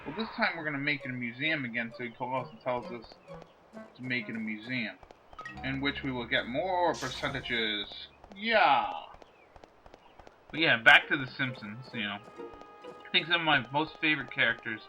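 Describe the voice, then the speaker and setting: A chatty man commentating over his gameplay, wandering from one digression to the next. His voice is very bright and tense with an edge. Faint game music plays behind him. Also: medium pitch, normal speed, low-quality recording. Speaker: let's play host.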